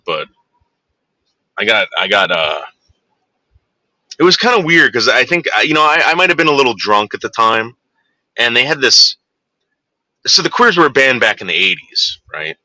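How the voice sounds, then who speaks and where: Brief: crude, digressive man in his forties, very bright tone, dry close recording. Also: medium pitch, very animated, moderate pace, long pauses, no echo, rough recording. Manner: rambling, crude, digressive, frequent fillers. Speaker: storyteller. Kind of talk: rambling anecdote.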